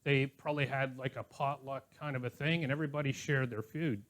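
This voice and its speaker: A man's voice: medium pitch, steady tone, fairly quick, fairly bright tone. An older man preaching a sermon as pastor, conversational and anecdotal, with chuckling asides. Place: church.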